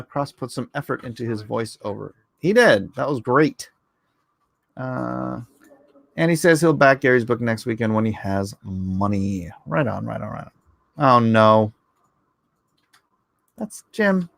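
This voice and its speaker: A man's voice: medium pitch, creaky, a bit bright, no echo. A man hosting a livestream in a casual, rambling, jokey way, reading chat comments aloud and answering them. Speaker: livestream host.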